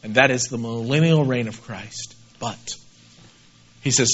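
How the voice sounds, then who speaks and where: Pastor guy preaching, bright high voice, jumps between loud and quiet, bit lo-fi. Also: measured pace. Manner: animated preaching, swinging from loud emphasis to quiet asides, repeats key words. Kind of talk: sermon.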